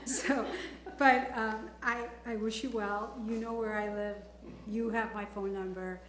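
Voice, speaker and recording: A woman's voice: mid-range voice, steady tone, takes it slowly. Chatty woman in a roomy chamber. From Chicago. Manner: warm, chatty, laughing often. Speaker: village trustee. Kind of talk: board meeting remarks. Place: council chamber. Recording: roomy chamber audio, faint noise.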